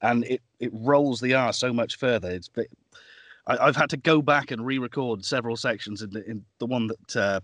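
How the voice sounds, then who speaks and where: A man's voice: medium pitch, normal speed, fairly bright tone, no echo. Man, voice actor, podcast guest, thoughtful, restarts sentences, dry close mic. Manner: thoughtful, with frequent restarts and fillers. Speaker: voice actor and audiobook producer. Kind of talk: casual podcast interview.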